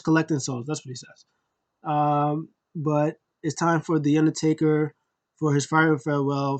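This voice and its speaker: A man giving a casual, rambling show review, breaking into exaggerated high-pitched reaction voices. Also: a little mellow, no room sound. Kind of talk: casual recap and opinion.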